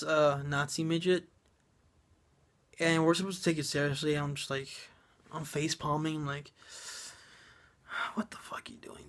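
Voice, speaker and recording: A man's voice: on the high side, fairly bright tone. A man giving a sarcastic, profane, rambling movie review full of fillers and restarts.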